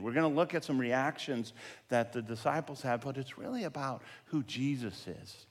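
Animated storytelling pastor, a man. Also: medium pitch. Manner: animated storyteller, acts out quotes, drops to a near-murmur for asides. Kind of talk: sermon with storytelling.

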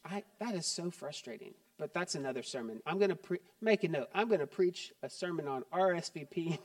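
A middle-aged male pastor with a high voice preaches a sermon that moves from chatty and joking to quiet and earnest. He is animated and fairly quick, and the dry recording comes from a mic set some distance away.

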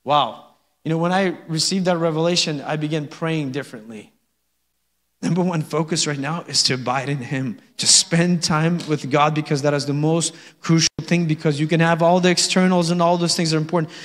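Joking pastor in a reverberant church. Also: male voice, on the high side, fairly even intonation, fairly quick, fairly bright tone. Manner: conversational and joking, with frequent laughs and "amen?". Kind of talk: sermon. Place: church sanctuary.

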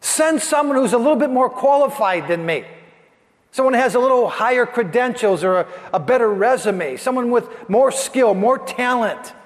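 A man's voice: very high voice, animated, normal speed, in a large hall, voice pushed up. A man voicing a biblical prophet who begs to be let off, pleading and unsure of himself. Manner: begging, insistent. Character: pleading, self-doubting male biblical prophet.

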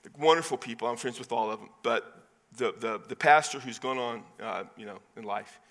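A man with a Texan accent preaching a sermon as pastor, conversational and animated, with casual asides. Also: mid-range voice, fairly quick. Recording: long hall reverb.

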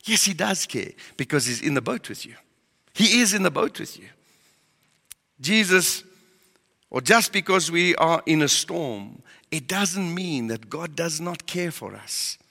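Male pastor preaching; emphatic questions, bright voice, reverberant hall sound. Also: on the high side, animated, a little slow, gravelly. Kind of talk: sermon.

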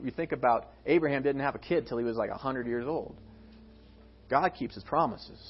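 A man preaching a sermon as pastor of a church, swinging from soft, quiet lines to emphatic, raised ones. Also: mid-range voice, breathy edge, highs cut off. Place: church sanctuary.

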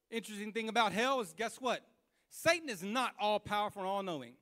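A man preaching a sermon, impassioned and colloquial, repeating phrases as he builds to loud fervor. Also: sits high, expressive, quick pace. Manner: colloquial, with slips and restarts.

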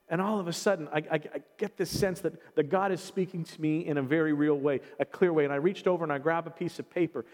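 A man's voice: fairly high pitch, steady tone, quick pace, hardly any pauses, a little mellow, in a large hall. A man preaching a sermon, telling a personal story with earnest, emotional delivery and frequent restarts. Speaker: pastor.

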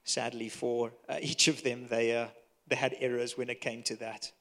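A man with a Zimbabwean accent preaching a sermon, earnest and storytelling, sometimes dropping to a soft hush for emphasis. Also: mid-range voice, level tone, normal speed. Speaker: pastor.

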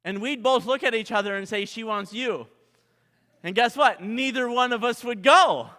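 A man's voice: extremely high pitch, a little fast, bright, forceful tone. A man preaching a dramatic sermon as pastor, asking the congregation rhetorical questions. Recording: long hall reverb.

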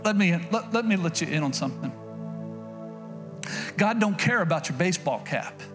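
A middle-aged man preaches in a loose, folksy way, circling back on his phrases and slipping into quoted voices. His voice sits a touch high for a man. Clear music plays behind him throughout the church recording. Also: lively intonation, moderate pace. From Oklahoma. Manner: folksy, conversational preaching with repetitions and acted-out quotes. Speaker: pastor. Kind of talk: sermon.

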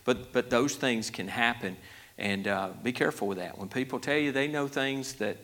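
Male pastor, mid-pitched, folksy sermon delivery with restarts and rising emphasis. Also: normal speed, fairly bright tone. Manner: folksy, conversational, many restarts, grows emphatic. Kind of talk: sermon Bible study.

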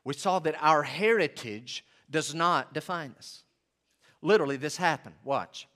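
Male preacher, slightly high, forceful tone, emphatic sermon delivery. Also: lively intonation. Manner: emphatic, varies loudness and slows for stress. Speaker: pastor.

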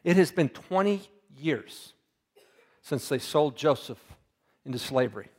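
A man's voice: on the high side, lively intonation, a little slow. A man preaching a Bible lesson in a casual, conversational way, retelling scripture in everyday words and asking his listeners questions.

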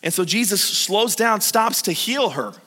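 Male pastor, middle-aged, sermon, storytelling, hushed then loud, slightly high voice, reverberant church. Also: lively intonation, a little slow. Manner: swings from loud urgent calls to hushed intimate pleading; storytelling, addresses the congregation directly. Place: church sanctuary. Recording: long hall reverb.

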